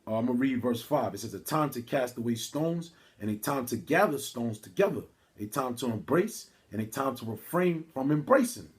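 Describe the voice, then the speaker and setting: A man giving an informal video sermon, reading scripture haltingly and preaching in casual street talk, calling his listeners "man" again and again. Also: medium pitch, expressive. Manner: reads scripture aloud haltingly, with restarts. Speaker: religious teacher. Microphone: phone or camera mic.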